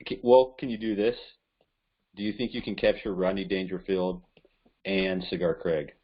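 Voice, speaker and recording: A man's voice: sits low, moderate pace. A male podcast co-host chatting casually, mostly chiming in with short agreeing remarks. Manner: brief agreeing interjections. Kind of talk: casual chat. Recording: dull lo-fi sound.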